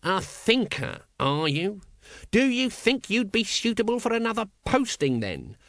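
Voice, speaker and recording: Male reader as a gruff, sarcastic guard captain, lively mocking delivery, dry close sound. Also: sits high, a little slow, no room sound, pitched above the performer's own voice, full character voice. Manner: sarcastic, growling.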